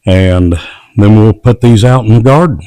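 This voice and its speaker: Low-voiced man narrating a woodworking build. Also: normal speed, background noise. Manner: plain, matter-of-fact step-by-step talk. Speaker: homesteader building garden doors. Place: workshop or outdoor work table.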